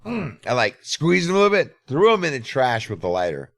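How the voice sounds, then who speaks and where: A man's voice: medium pitch, big pitch swings, fairly quick, fairly bright tone, dry recording, studio quality. A middle-aged man telling a casual, profane story as a podcast host. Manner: profane, laid-back storyteller.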